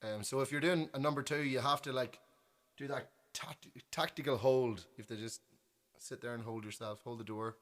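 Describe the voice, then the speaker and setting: A man's voice: mid-range voice, moderate pace. A young man from Northern Ireland with a Northern Irish accent telling a funny, self-deprecating story to his livestream viewers. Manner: self-deprecating, animated, trails off and restarts. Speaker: musician on livestream. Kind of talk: casual storytelling.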